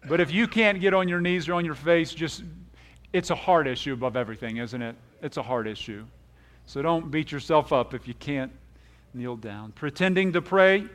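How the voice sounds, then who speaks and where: A man preaching a folksy, animated sermon, often laughing and saying amen. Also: a little high. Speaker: pastor.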